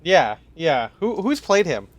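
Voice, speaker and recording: A man co-hosting a podcast in casual comedic chat, bantering with quick absurd tangents. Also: a little high, very animated, no echo. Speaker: podcast co-host.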